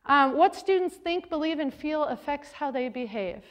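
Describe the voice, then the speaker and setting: A middle-aged woman with a high, bright voice speaks to a hall of teachers. She teaches journalism and tells her stories lively, slipping into the voices of the people she quotes. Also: moderate pace. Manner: lively storytelling with quoted dialogue. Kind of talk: conference talk to teachers. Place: forum hall.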